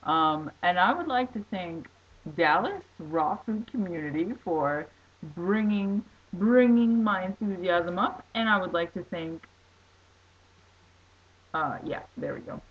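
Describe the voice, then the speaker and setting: Woman, vlogger, casual storytelling, excitable, rambling, lowish voice, muffled lo-fi audio. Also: takes it slowly, breathy edge.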